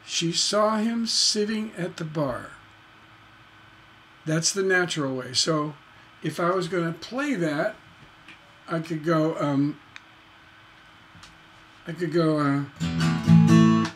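A man teaching songwriting on a charity livestream in a relaxed, folksy way, humming melodies on "da da" to show his points. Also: a little high, slow pace, long pauses, faint music behind.

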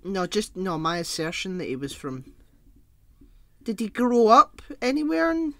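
A man's voice: high voice, very animated, a little slow, a bit bright. A man co-hosting a podcast in casual chat, giggling a lot, swearing offhandedly and restarting his sentences. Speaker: podcast co-host.

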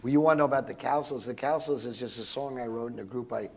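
An older man with a rough, gravelly edge to his voice tells stories to a live audience of students. He talks in a chatty, digressive way, restarting his sentences and chuckling along as he goes. His pitch sits in an ordinary middle range for a man. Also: quick pace. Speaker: guest speaker. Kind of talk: rambling anecdotal storytelling to students.

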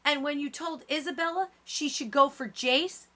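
A woman reading an audiobook, voicing a hurt junior-high girl arguing heatedly with her friends. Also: moderate pace. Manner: shouting, heated.

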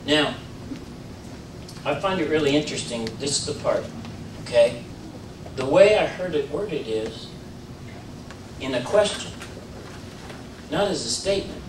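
A man giving an informal sermon in a church, talking in a conversational way with many fillers and restarts, rising into animated emphasis. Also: on the high side, slow, pauses often, background noise. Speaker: preacher. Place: church sanctuary. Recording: roomy church audio, mic at a distance.

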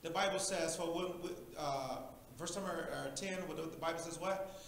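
A man preaches an animated sermon in a church, often calling out to the congregation. His voice is high and bright. The sound bounces around a very echoey room. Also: moderate pace, a little hiss or hum. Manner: animated, preachy call-and-response. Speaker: pastor.

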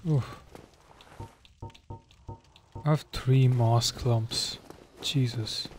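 A man's voice: mid-range voice, steady tone, very slow, music in the background. A young man commenting on his own video game playthrough, swearing and venting frustration at the game. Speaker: gaming streamer. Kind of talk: let's play commentary.

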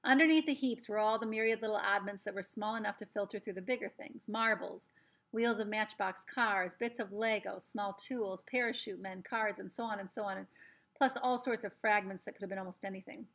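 Gravelly woman reading a children's book. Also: medium pitch, a little fast, a bit bright. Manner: chatty asides to young listeners. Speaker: storyteller. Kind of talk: reading a children's novel aloud.

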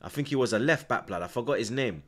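Young man, watchalong streamer, bright pushy tone, heavy slang, constant shout-outs. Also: mid-range voice, lively intonation, fast talker. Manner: slangy, repeats "blood" and "you get me"; shouts out viewers from the chat. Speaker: livestream host. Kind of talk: football watchalong chat.

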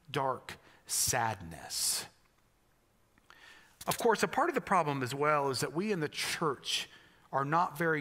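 High-voiced pastor preaching in a reverberant church. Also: male voice. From United States. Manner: reflective, animated when quoting others, repeats words. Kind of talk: sermon.

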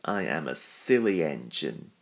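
A cheeky, excitable little tank engine, as a man reads him from a storybook. The engine speaks in a deep voice and takes his time, even at his most mischievous. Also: measured pace, heavily acted. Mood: panicked. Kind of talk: storybook reading.

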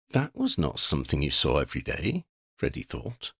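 A man narrates a fantasy story with wildly swinging, expressive pitch. His low voice has a gravelly grain. The recording is dry and close. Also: moderate pace, dry recording. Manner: expressive, playful. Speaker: audiobook narrator.

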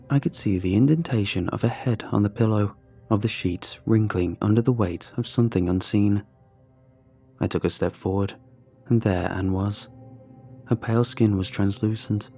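A man reading a first-person horror story in a scripted, even, conversational narration. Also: lowish voice, moderate pace, faint music behind.

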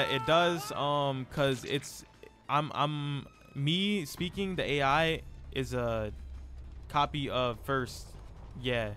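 A young man streaming live gameplay, chatting in an excitable, slangy, self-mocking way. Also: a little high.

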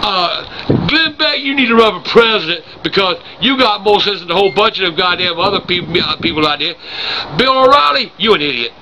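Older man, gravelly profane rant. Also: high voice, expressive, a little fast, crowd noise, poor audio. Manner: profane, ranting, stammers when furious. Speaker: vlogger. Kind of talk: angry rant to camera.

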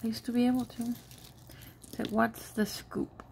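A woman's voice: on the high side, level tone, normal speed, creaky, darkish tone, slight background noise. A woman vlogger in casual show-and-tell commentary, chatting and murmuring remarks about each item at home, with Spanish asides now and then. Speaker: jewelry vlogger.

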